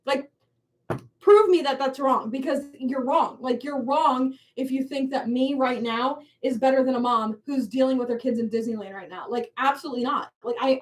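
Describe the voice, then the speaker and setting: Young woman host, high voice set back from the mic, chatty get-ready-with-me livestream, heavy "like" fillers. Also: distant mic. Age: young adult. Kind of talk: casual get-ready-with-me chat. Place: at home doing her makeup.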